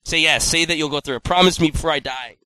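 A man casually chatting on an online podcast, animated, swearing freely and acting out quotes. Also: fairly high pitch, quick pace, no echo, rough recording. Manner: animated, swearing, acts out quotes in exaggerated voices. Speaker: podcast co-host. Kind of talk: casual chat.

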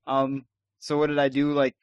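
A man chatting from home as a podcast co-host, laid-back and quick to laugh. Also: mid-range voice, monotone, clear, resonant tone, dull audio. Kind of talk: casual chat.

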